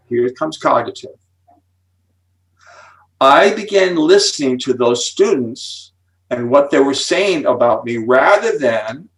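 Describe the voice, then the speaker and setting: A man in his seventies, a guest speaker on psychology, explaining with animated enthusiasm and building suspense before each point. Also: medium pitch, gravelly, distant mic, rough recording. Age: 70s.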